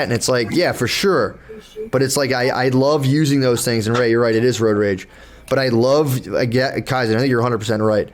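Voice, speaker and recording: A young man chatting on a podcast at a middle pitch. He rambles, restarts his sentences and swears freely, slipping into little acted-out inner voices to make his point. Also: fairly quick, slight background noise. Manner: loose, rambling, profane, with frequent restarts and acted-out inner dialogue. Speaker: podcast host. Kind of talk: casual podcast chat.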